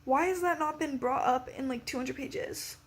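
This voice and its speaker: Teen girl vlogger, high bright voice, rambling excitable casual chat. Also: normal speed. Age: teens. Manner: rambling, excitable, lots of filler words. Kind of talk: casual reading vlog chat.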